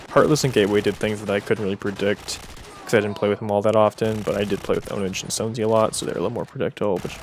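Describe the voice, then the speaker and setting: A man's voice: on the low side, a little hiss or hum. A young man answering viewer questions in a casual, chatty way, with joking asides. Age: young adult. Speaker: gaming video creator.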